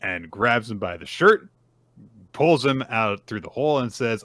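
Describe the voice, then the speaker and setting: A man's voice: mid-range voice, a little slow, dry recording. A man co-hosting a casual podcast, recapping manga chapters and acting out quotes. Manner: animated, acts out character quotes. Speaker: podcast co-host.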